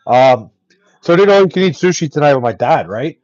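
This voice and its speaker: A man's voice: on the high side, animated, a little fast, a little mellow, dry recording, highs cut off. A young man chatting casually on a livestream, reading chat aloud, loose and profane with lots of ums.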